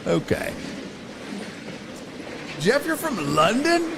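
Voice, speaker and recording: A man putting on a clumsy, cheery mock British gentleman whose accent keeps drifting Australian. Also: very high-pitched, very animated, very slow, background noise, voice pushed up, full character voice. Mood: jokey.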